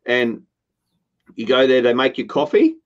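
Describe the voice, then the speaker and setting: A man's voice: mid-range voice, very animated, a little slow, muffled recording. A man co-hosting a casual business chat, talking earnestly and slipping into upbeat quoted lines. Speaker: podcast co-host.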